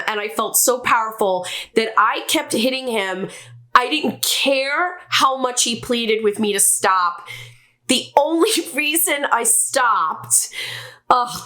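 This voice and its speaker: Female vlogger, candid self-reflective storytelling; slightly high voice, bright tone. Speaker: vlogger telling a personal story.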